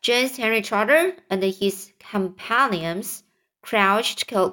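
A woman reading a children's book aloud, slowly and carefully, with small restarts and repeated words, raising her voice for the characters' lines. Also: mid-range voice, a bit bright. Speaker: reader.

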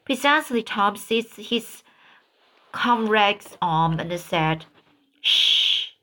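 Female storybook reader, very slow, stumbles and repeats. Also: medium pitch, lively intonation, a bit bright. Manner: slow, halting, repeats words. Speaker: audiobook narrator. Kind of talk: storybook reading.

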